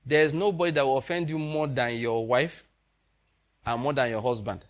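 A man's voice: mid-range voice, fairly even intonation, moderate pace. A man preaching a sermon in a loose, conversational way, often breaking into laughter as he tells stories. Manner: laughs often, chuckling storyteller. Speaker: pastor.

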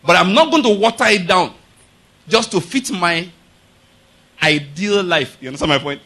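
Male preacher, high and bright, emphatic, keeps questioning the congregation. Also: animated, moderate pace. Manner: emphatic, rhetorical questions to the audience. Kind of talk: sermon.

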